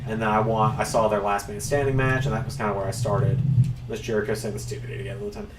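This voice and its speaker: The channel host talks casually and rambles on during gameplay, his fairly low voice quick and even in tone. A distant mic gives the recording a roomy feel with faint background hum.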